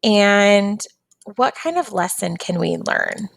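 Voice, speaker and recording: A woman's voice: mid-range voice, expressive, slow, gravelly, no echo. A woman teacher patiently walking young students through a phonics and reading lesson, step by step.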